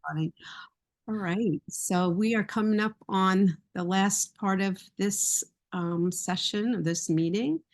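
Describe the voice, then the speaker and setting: Serak-berderak: pembawa acara wanita di rapat daring. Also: female voice, medium pitch, slow. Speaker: host. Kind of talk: moderating an online group meeting. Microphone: video call.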